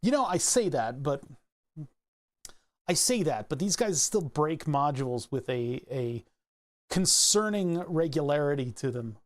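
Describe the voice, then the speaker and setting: A man's voice: a little high, lively intonation, a little slow. A man casually walking through his microcontroller code, rambling and self-correcting, laughing at himself now and then. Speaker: hobbyist electronics maker.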